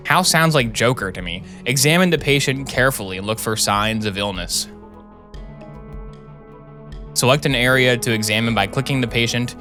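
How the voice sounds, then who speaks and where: Bright-voiced sarcastic man streaming a game. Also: medium pitch, moderate pace, long pauses, soft background music. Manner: sarcastic, chatty, reads game text aloud. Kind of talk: casual gameplay commentary.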